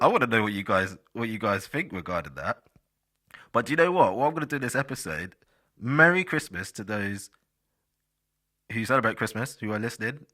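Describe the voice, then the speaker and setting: A man's voice: fairly low pitch, pushed and bright. A man hosting a solo podcast, chatting casually and rambling with fillers, speaking directly to his listeners. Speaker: podcast host.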